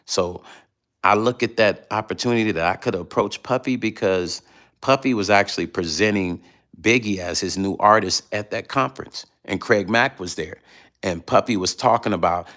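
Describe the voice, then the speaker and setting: A middle-aged man chatting casually late at night on his vlog, telling animated stories and repeating himself for emphasis. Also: lowish voice. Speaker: vlog host reading viewer comments.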